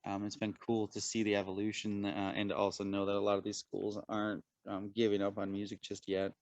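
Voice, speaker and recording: A man as a podcast guest, a lively storyteller who swears casually in relaxed chat. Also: on the low side, brisk, dry recording, dull audio.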